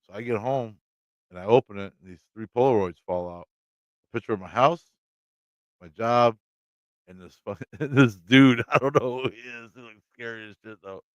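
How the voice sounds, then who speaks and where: A man's voice: mid-range voice, moderate pace, no room sound, highs cut off. Laughing, swearing Midwestern guy. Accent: American Midwestern. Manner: rambling, swears freely, laughs often. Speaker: channel host talking to live chat. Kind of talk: casual storytelling on a livestream.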